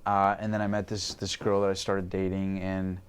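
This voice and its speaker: A man's voice: low voice, completely flat delivery, normal speed, smooth. A man in his twenties, a podcast guest, telling his personal story candidly, swearing freely and acting out his past thoughts. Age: 20s.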